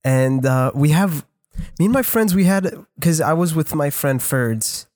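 A man's voice: on the high side, expressive, a little slow, darkish tone, no room sound, studio quality. A young man telling a rambling, profane story in casual podcast chat. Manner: rambling, profane, laughs while telling stories. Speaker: podcast co-host.

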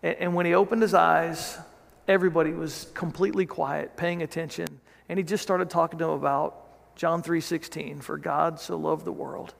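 A man's voice: fairly high pitch, fairly even intonation, moderate pace, creaky, big-room sound. A male pastor preaching a sermon in a conversational storytelling way, often restarting his sentences.

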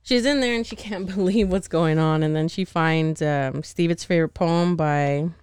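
A young woman talking on a casual podcast, lively and loose with her language. Her voice is smooth and clear, recorded dry and close. She laughs easily and acts out little bits of dialogue. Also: lowish voice, moderate pace, dry recording. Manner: animated, laughing, swears freely, acts out characters. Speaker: podcast host. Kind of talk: casual chat recap.

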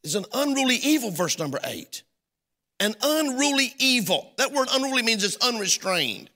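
A man's voice: very high voice, sing-song, moderate pace, pushed and bright, long reverb tail. A man preaching a sermon as pastor, telling a folksy story and acting out both sides of a conversation. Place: church sanctuary.

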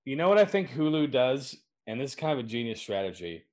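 A man's voice: mid-range voice, sing-song, fast. A man co-hosting a casual podcast chat, laid-back with dry wisecracks and casual swearing. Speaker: podcast co-host.

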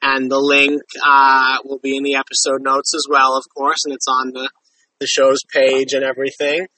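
A man's voice: mid-range voice, completely flat delivery, moderate pace, sharp tone, no room sound, far from the mic, poor audio. A man hosting a podcast, talking in a friendly, rambling, slightly apologetic way. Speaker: podcast host. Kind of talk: casual interview chat.

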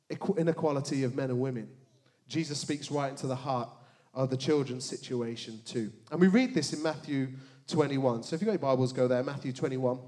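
A man preaching a sermon, animated, with joking asides and dramatic hushed emphasis on key words. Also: on the high side. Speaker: pastor.

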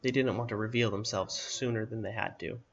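A man reading a fantasy story aloud in a steady, even narration. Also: lowish voice, a little fast, husky, muffled recording.

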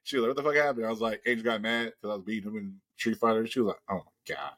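Racing along in a low, slightly bright voice, this podcast host spins a long story full of profanity in casual conversation, doing the voices of everyone involved.

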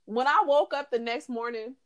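A young woman co-hosting a podcast, ranting in a heated, profane and animated way in casual chat. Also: fairly high pitch, moderate pace. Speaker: podcast co-host.

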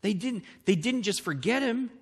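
A man preaching a sermon as pastor, animated and often asking the congregation questions. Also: sits high, moderate pace, slightly rough. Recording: long hall reverb.

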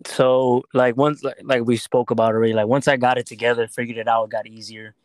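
A man in a casual chat, relaxed and quick to laugh. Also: mid-range voice, no echo, rough recording.

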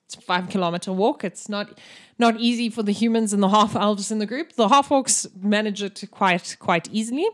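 A woman's voice: mid-range voice, fairly quick. A woman narrating a tabletop game as game master, chatty and laughing.

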